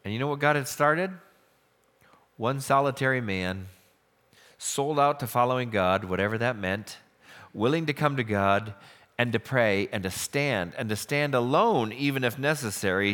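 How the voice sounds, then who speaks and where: A pastor preaching a sermon, retelling a scripture story with lively storytelling. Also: male voice, mid-range voice, in a large hall.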